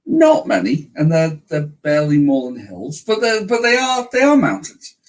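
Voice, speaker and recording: A speaker, chatting casually and wandering through an anecdote with frequent self-corrections. Their pitch swings dramatically up and down, and they sound set back from the microphone. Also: huge pitch swings, moderate pace, recorded from a distance, low-quality recording. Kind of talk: casual chat. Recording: voice from away from the mic.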